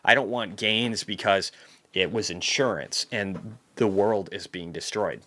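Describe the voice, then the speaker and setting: Guy ranting on his market stream, lowish voice, bright and pushy, swears constantly. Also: measured pace. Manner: profane, ranting, heated outbursts; reads viewer comments aloud. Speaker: market recap livestream host. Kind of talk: casual livestream commentary.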